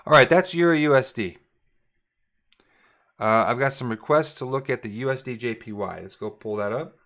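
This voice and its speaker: A man coaching viewers through forex charts on a screen share, relaxed and thinking aloud, often correcting himself mid-sentence. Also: medium pitch, moderate pace.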